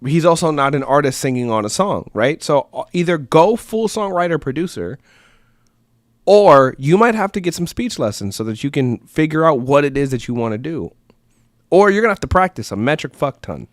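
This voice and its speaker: A man's voice: a little high, big pitch swings, normal speed, no echo, clean studio sound. A man co-hosting a music review livestream, talking bluntly and laughing often. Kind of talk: casual livestream chat.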